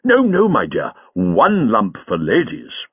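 A man voicing an excitable, fussy elderly male professor who splutters when flustered, on a dull lo-fi recording. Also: fairly low pitch, slow, breathy edge, no echo, exaggerated voice.

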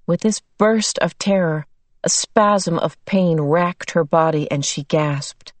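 A woman reading a novel aloud as an audiobook narrator, in a measured, unhurried manner. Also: sits low, fairly even intonation, a little mellow, dry recording. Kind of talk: scripted narration.

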